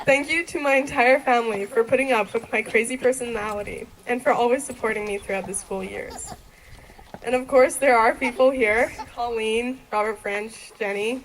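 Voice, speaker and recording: A woman's voice: a little high, low-quality recording. A young woman in her late teens giving a graduation thank-you speech, giggling often between sentences. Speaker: graduating student.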